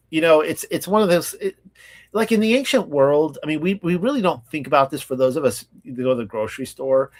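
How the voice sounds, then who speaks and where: Hosting a scripture study, a California-raised man with a mid-range voice reads the text slowly and deliberately. Then he shifts into relaxed, rambling commentary full of fillers and self-corrections.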